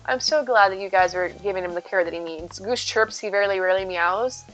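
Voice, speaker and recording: A woman's voice: medium pitch, fairly quick, fairly bright tone, lo-fi sound. A woman streamer chatting casually with her viewers while playing, talking sweetly about her cat. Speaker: live streamer. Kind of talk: casual live-stream chat while gaming.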